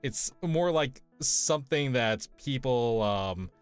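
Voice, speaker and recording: A man chatting casually on a live stream, laid-back and hesitant, often pausing on fillers and laughing easily. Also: medium pitch, expressive, clear, resonant tone, soft background music. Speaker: streamer co-host. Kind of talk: casual chat.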